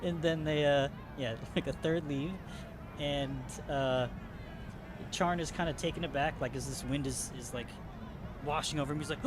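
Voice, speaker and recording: A man narrating a tabletop game as game master, animated and quick to laugh. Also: on the high side, background noise.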